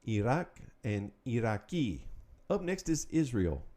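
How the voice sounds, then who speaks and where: A man's voice: mid-range voice, big pitch swings, unhurried, mellow. Upbeat man teaching Spanish vocab. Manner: upbeat, patient, prompts listener then gives answers. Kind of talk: podcast language drill.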